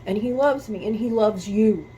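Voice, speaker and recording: A woman with a warm, mid-range voice speaks at normal speed on a rough recording with a little hiss or hum. Hosting a music reaction video, she talks earnestly to camera about faith, emotional and near tears, repeating her points for emphasis.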